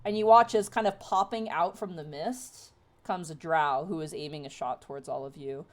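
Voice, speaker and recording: Lower-voiced woman, dungeon master, vivid descriptive narration for a tabletop stream. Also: moderate pace.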